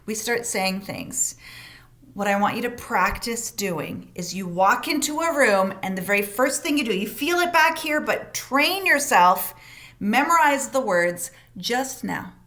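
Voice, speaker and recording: A woman teaching a parenting course session, encouraging and expressive, with quick bursts and emphatic stresses. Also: a little high.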